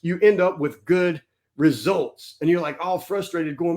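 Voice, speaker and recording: A man giving blunt, animated motivational talk in a casual conversation. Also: a little high, normal speed.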